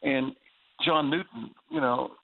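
A man's voice: a little high, huge pitch swings, slow pace, creaky, breathy edge. A man with a Southern US accent, a guest on a faith talk show, speaking earnestly and with enthusiasm. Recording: tinny phone line.

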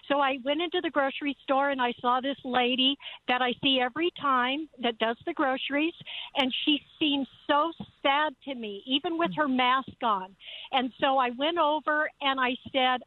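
A woman in her seventies calls in to a radio show and tells an earnest story in a high voice. The line is tinny and dry, like a telephone. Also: steady tone, normal speed, no echo. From Southern California. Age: 70s. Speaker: caller. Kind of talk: phone-in testimony.

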